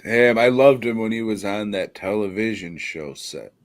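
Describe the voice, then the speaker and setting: A man's voice: on the low side, lively intonation, moderate pace. A man co-hosting a podcast in casual chat, laid-back, dry and teasing. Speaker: podcast co-host.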